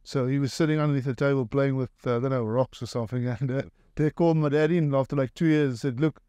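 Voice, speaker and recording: Guest: man, halting laughing anecdotes, very dry close sound. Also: mid-range voice, fairly even intonation, dark tone, clean tone, no echo. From South Africa. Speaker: guest, former rugby player. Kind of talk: casual storytelling.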